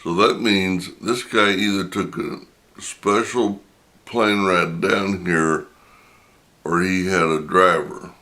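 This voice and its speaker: A middle-aged man, slowly telling a personal anecdote in a casual, drawn-out way. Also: low voice, steady tone, sharp tone. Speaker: storyteller.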